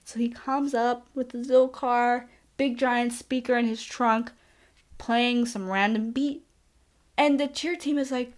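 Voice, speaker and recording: A woman's voice: high-pitched, fairly even intonation, a little slow. A young woman casually recapping a movie plot in a chatty, sarcastic way, filling her talk with "like". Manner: sarcastic, chatty, says like a lot. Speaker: podcast host.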